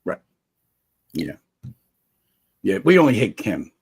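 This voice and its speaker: A man's voice: lowish voice, very animated, slow, darkish tone, slightly rough. A man chatting as a guest on a livestream, profane and joking, rambling through stories. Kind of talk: casual livestream chat.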